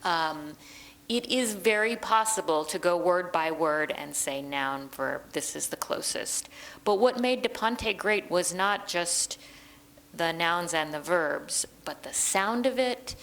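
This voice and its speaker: A woman translator and librettist talking through her craft in a relaxed interview, thoughtful and chatty, often pausing with ums. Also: lowish voice, low-quality recording. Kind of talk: conversational interview.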